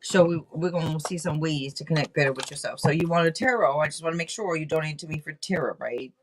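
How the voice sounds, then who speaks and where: Excitable woman hosting a tarot stream. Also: low voice, quick pace, a little hiss or hum, rough recording. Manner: excitable, swears casually, rambling restarts. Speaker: tarot reader and live stream host. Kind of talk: casual live-stream chat.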